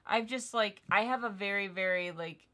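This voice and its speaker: A woman's voice: medium pitch, normal speed, pushed and bright. A young woman co-hosting a live stream, chatting casually and teasing her co-host. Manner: chatty, teasing, laughs easily. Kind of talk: casual chat.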